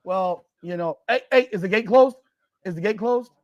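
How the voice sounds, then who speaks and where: A man hosting a live watch party, reacting loudly and profanely to a football game and arguing with the chat. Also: high voice, moderate pace, dull audio. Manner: excitable, profane, argues with chat and the broadcast.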